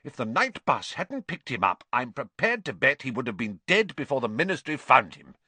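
A man's voice: mid-range voice, very animated, normal speed, bright, forceful tone, slightly rough, dry recording, pitched above the performer's own voice, exaggerated voice. A man doing an urgent, insistent middle-aged father. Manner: urgent, emphatic. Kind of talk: audiobook reading.

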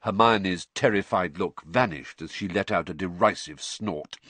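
A man narrating a storybook in an expressive reading style, close to a studio mic. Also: deep voice, unhurried, hardly any pauses, no echo. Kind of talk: audiobook narration.

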